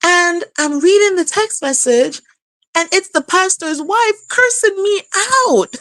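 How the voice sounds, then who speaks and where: A woman in her thirties telling a personal story casually on a live stream, laughing often and jumping high in pitch for emphasis. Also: animated, a little slow, fairly bright tone, no echo. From outside the U.S. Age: 30s. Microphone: live stream setup.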